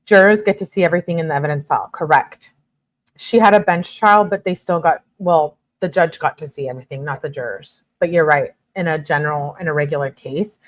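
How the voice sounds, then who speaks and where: A woman with a slightly low voice reads text messages aloud in a plain, even way. She keeps stopping to talk casually with her viewers about what she has just read. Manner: reads messages flatly, breaks off to chat with viewers. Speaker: true-crime streamer reading texts. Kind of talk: casual live-stream commentary and reading aloud.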